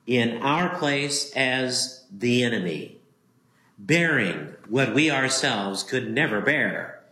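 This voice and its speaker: A male Lutheran pastor delivers a sermon at an unhurried, deliberate pace. His voice is bright and forceful, and he repeats key phrases for emphasis. The recording carries a roomy echo. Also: medium pitch.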